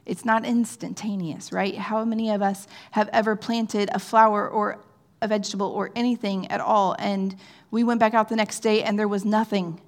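A woman giving an earnest, conversational sermon, often checking in with "right?" and sometimes dropping to a soft, near-whispered tone. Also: mid-range voice, flat delivery, moderate pace. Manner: drops to soft, near-whispered phrases at times. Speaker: pastor.

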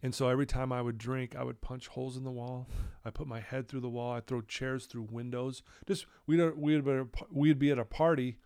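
A middle-aged man from Utah speaks earnestly as a podcast guest, his voice gravelly. He drops to a hushed tone when quoting others, recorded dry and close. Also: mid-range voice, little pitch movement, brisk, few pauses, no room sound. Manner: earnest storytelling, acts out quoted dialogue in a hushed voice. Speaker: guest telling his life story. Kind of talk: candid podcast conversation.

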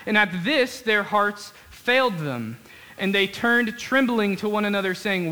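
Bright-voiced man preaching, drawl. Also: high voice, lively intonation. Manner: conversational preaching, quick asides and acted-out quotes. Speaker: pastor. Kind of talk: sermon. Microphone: switches to a handheld mic partway.

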